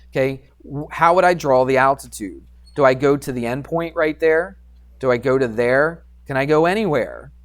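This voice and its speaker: A male math teacher talks his class through geometry in a relaxed, chatty way, at an ordinary middle pitch. He pokes fun at himself and keeps checking in with questions for his students. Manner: casual, self-deprecating, keeps quizzing the class.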